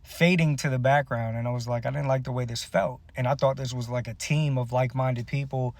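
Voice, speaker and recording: A man speaks candidly to camera, recounting a grievance in a heated, profanity-laden way. His voice sits at an ordinary pitch, and the sound is dry and close with no room echo. The tone throughout is bitter and aggrieved. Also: steady tone, a little fast. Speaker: musician. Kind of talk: candid personal storytelling to camera.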